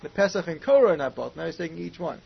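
A man's voice: fairly high pitch, big pitch swings, quick pace, gravelly, breathy edge. A man teaching a Talmud class, reasoning aloud and posing questions, in a muffled lo-fi recording with faint hiss. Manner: questioning, reasoning aloud with Hebrew and Aramaic terms.

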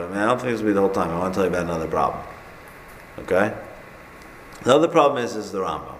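A man teaching a Talmud class, working through a question aloud, repeating phrases and asking rhetorical questions. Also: lowish voice. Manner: animated, questioning, repeats himself. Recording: echoey room, faint noise.

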